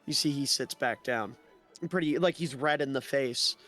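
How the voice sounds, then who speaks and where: A man's voice: mid-range voice, moderate pace, pushed and bright, faint music behind. A man narrating a tabletop game as game master in a loose, casual way.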